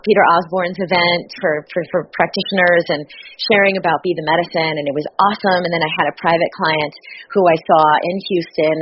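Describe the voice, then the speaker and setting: A woman's voice: lowish voice, highs cut off, a little hiss or hum. A woman guest on a podcast, talking earnestly and acting out her own thoughts as she tells stories. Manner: earnest, animated, acts out her own inner voice. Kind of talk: podcast conversation.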